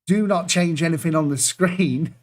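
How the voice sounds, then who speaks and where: Over a computer microphone, a man with a fairly high voice and moderate pace hosts an online pub quiz, reading clues aloud. He's chatty and self-deprecating, stumbling over words and laughing at his own blunders.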